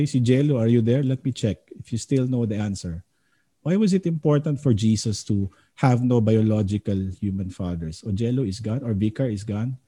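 A Filipino-accented pastor leading a Bible study, with a mellow, warm tone. He speaks at a mid-range pitch, often pausing on tag questions and drawing out the phrases he wants to stress. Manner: Taglish, checks understanding with frequent tag questions; slows down to stress key phrases.

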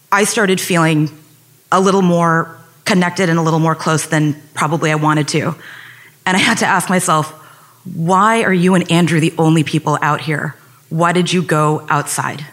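A woman's voice: lowish voice, a bit bright. A young adult woman telling a personal story on stage, earnest and reflective, speeding up when recalling tense moments.

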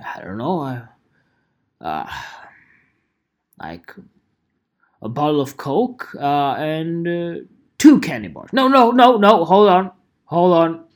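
A man's voice: on the high side, sing-song, slow pace, long pauses. A man voicing a naive teenage boy who hesitates and fumbles over a price, full of ums and uhs. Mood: dithering.

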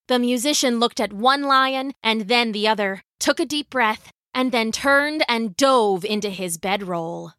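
A woman narrating a scripted children's story in a measured, vivid way. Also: fairly high pitch, a bit bright, dry recording, studio quality.

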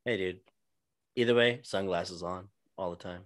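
A man's voice: low-pitched, moderate pace, a bit bright, no room sound, studio quality. A man co-hosting a casual podcast, talking in a laid-back, rambling way with fillers and swearing. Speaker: podcast co-host. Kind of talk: casual chat.

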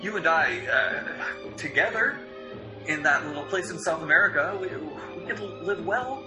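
Guy doing a slick radio-play schemer, high voice that swoops all over, music under it. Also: expressive, unhurried, poor audio. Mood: coaxing. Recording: music behind the voice.

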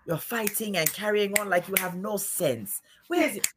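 A woman's voice: a little high, wildly swooping pitch, unhurried, gravelly, background noise, exaggerated voice. A woman voicing a stern older woman who scolds with exasperated questions. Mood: scolding.

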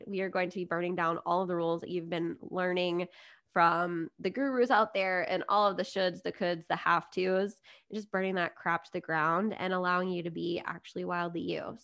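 A woman's voice: fairly low pitch, vocal fry, a bit bright. Woman, casual podcast chat, upbeat, rambling storyteller. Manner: chatty, upbeat, digressive storyteller. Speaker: guest business coach.

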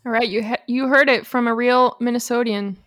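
A woman's voice: a little high, steady tone, a little fast, noisy background. A woman hosting a film podcast, chatting casually in a playful, slangy way and laughing often. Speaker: podcast host.

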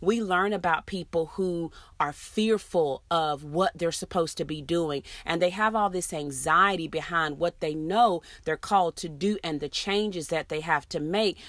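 A woman's voice: lowish voice, fairly bright tone, no room sound. A woman, giving an earnest, emphatic motivational talk to fellow teachers. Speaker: educator addressing teachers.

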